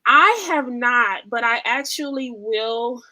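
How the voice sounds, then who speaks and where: A woman's voice: fairly high pitch, animated, slow pace, sharp tone, no echo. A woman guest author chatting eagerly in an interview, answering with enthusiasm. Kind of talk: interview chat.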